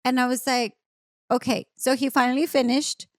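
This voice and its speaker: High-voiced, lively woman. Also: a little fast, no room sound, studio quality. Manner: animated, laughing, switching between English and Spanish. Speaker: podcast guest. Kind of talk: casual storytelling chat.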